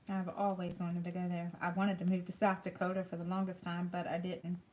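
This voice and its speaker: A middle-aged woman chatting casually with viewers while crafting at home, rambling softly and thinking aloud with lots of fillers. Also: fairly low pitch, monotone, moderate pace. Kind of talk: casual chat while diamond painting.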